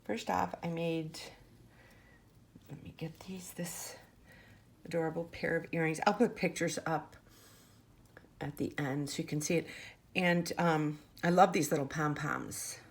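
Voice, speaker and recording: Low-voiced woman showing off handmade jewelry. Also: steady tone, moderate pace, creaky. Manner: chatty, gushing, with fillers and restarts. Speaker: jewelry maker showing her work. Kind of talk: casual show-and-tell vlog. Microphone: camera mic on a tabletop.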